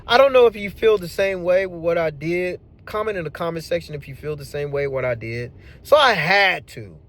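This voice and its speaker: A man telling a personal work story in a casual, animated, slangy way, as a channel host. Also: fairly high pitch, fairly quick. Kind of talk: storytelling vlog.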